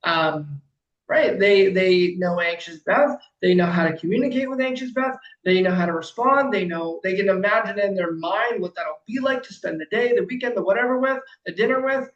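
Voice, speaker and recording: A man coaching a client in casual conversation, emphatic and animated, swearing freely and acting out quotes loudly. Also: high-pitched, normal speed, echoey room, dull audio. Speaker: life coach.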